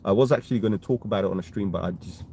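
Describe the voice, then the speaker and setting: A man's voice: on the low side, very fast, dark tone, slight background noise. A man hosting a casual crypto live stream, chatty and talking straight to his viewers, often tagging his points with "right?". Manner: chatty, tags statements with "right?"; addresses viewers as "guys".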